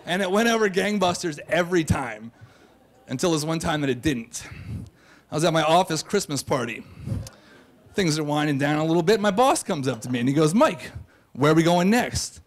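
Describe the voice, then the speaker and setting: A man's voice: fairly high pitch, animated, a little fast. A man telling a comic, self-mocking true story on stage to a live audience, in a brash, boastful way.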